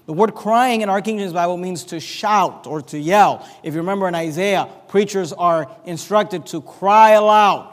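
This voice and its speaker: A preacher giving an expository Bible sermon, reading scripture aloud and explaining it verse by verse. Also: male voice, high voice. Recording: long hall reverb.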